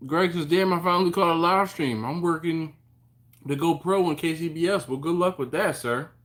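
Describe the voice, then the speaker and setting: A man hosting a casual live stream, greeting viewers by name and reading their comments, easygoing and quick to chuckle, recorded on a phone at home. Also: fairly high pitch, a bit bright. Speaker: host of a barbecue live stream. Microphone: phone on a mount.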